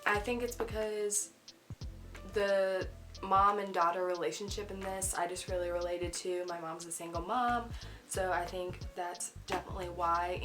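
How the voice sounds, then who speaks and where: Chatty woman reviewing books. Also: lowish voice. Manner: chatty, candid, frequent "um" and "like". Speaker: book vlogger. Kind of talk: casual book review chat.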